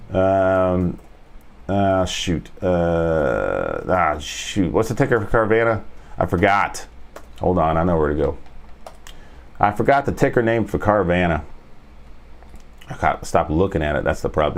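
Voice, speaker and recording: A man hosting a casual trading stream, rambling and joking as he talks viewers through stock charts. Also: low voice. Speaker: trading coach and stream host. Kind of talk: casual market commentary.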